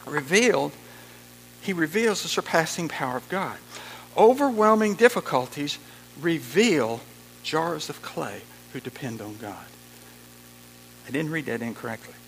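A man's voice: on the high side, fairly bright tone, long reverb tail, a little hiss or hum, rough recording. A man preaching a sermon, emphatic and repeating his key phrases.

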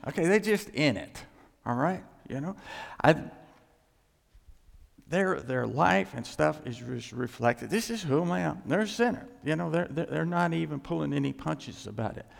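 A male pastor preaching a sermon in an emphatic way, climbing in pitch and loudness to stress his points. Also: vocal fry. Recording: long reverb in a large hall.

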